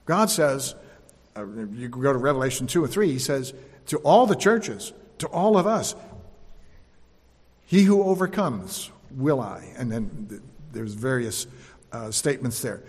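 A man's voice: fairly high pitch, animated, unhurried. Man preaching in a reverberant hall. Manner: repeats lines for emphasis, dropping to soft tones. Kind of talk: sermon.

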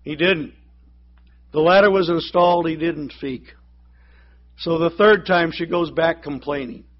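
Guy preaching, tells a joke and does the voices, kinda high voice, muffled old recording. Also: unhurried. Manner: storytelling, acts out voices in the joke. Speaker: pastor. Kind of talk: sermon with a joke.

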